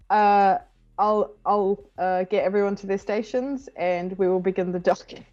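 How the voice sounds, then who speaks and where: A woman's voice: medium pitch, fairly even intonation, a little slow, darkish tone. Chatty woman on a dull lo-fi mic. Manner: chatty, rambling, swears casually. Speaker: player. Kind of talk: casual tabletop play. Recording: dull lo-fi recording.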